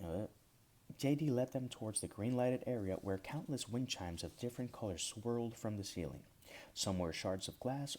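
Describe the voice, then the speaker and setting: A man reading his own whimsical story aloud, gentle and unhurried with small restarts. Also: lowish voice. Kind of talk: storybook narration.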